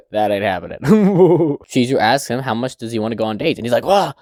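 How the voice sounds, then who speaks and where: Lively casual man talking to chat. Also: mid-range voice, fairly quick, no echo, clean studio sound. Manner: casual, swears freely, laughs often. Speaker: manga review channel host.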